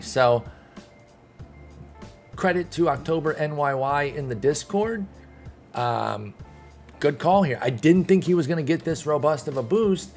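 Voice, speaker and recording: A young man streaming, ranting casually to his chat, heated and rambling with many restarts. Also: on the high side. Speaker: gaming streamer. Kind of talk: casual commentary to live chat.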